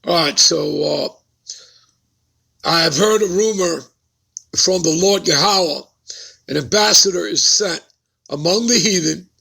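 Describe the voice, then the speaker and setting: A man's voice: high-pitched, unhurried, creaky, long pauses, sharp tone, husky. A man preaching a Bible-study sermon who keeps putting rhetorical questions to his listeners and checking in with them.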